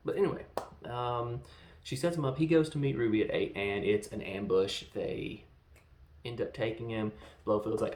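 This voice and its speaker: Man in his thirties, gravelly voice, rambling casual film review, echoey room. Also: mid-range voice, normal speed, slight background noise. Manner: rambling, animated, acts out quotes. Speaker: podcast host reviewing films.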